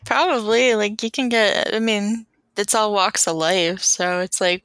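Bright playful woman joking about movies. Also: medium pitch, fairly even intonation, measured pace, dry recording. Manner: playful, joking, laughs often. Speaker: podcast co-host. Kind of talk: casual movie chat.

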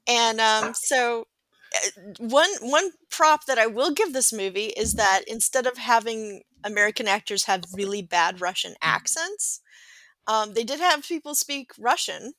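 Slow, bright-voiced woman recapping a film. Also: on the high side, animated, no room sound. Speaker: podcast host summarizing a film. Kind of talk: casual chat.

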